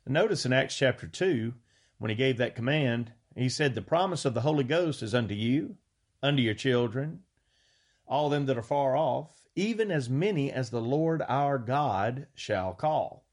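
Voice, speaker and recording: A man preaching a sermon, reading scripture slowly and earnestly and stressing key words. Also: mid-range voice, expressive. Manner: earnest, drawn-out scripture reading with rising emphasis.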